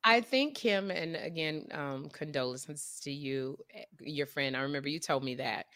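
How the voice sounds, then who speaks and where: A woman co-hosting a casual podcast chat, talkative and animated, often repeating and restarting her sentences. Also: sits low, normal speed, dry recording, studio quality. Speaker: podcast co-host.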